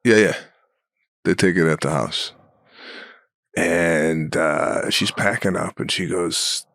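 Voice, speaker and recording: Deep gravelly man, deadpan storyteller. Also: slow, pauses often, no echo, clean studio sound. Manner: deadpan storytelling, incredulous rhetorical questions. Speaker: podcast co-host. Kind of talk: casual comedic chat.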